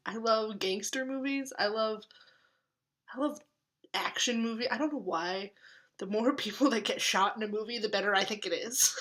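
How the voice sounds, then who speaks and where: A young woman talks casually to the camera in a personal vlog. Her voice is bright and clear at an ordinary middle pitch, and she laughs often and slips into quiet, half-whispered asides. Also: lively intonation, a little slow. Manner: chatty, laughs often, drops to soft asides. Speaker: vlogger.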